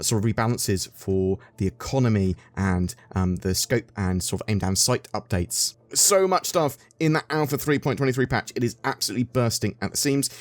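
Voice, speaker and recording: A man's voice: mid-range voice, a little mellow, dry recording. Chatty English man with gaming news. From England. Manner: chatty and upbeat, asks viewers questions, some ums. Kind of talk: casual game update video.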